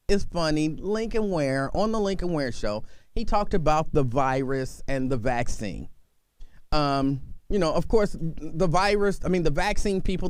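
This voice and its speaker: A man hosts talk radio from a studio. His voice sits a bit higher than most men's and is close-miked and dry. He rambles casually and keeps dissolving into laughter between sentences. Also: no room sound. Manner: chatty, keeps breaking into laughter. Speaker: radio talk show host. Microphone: studio microphone.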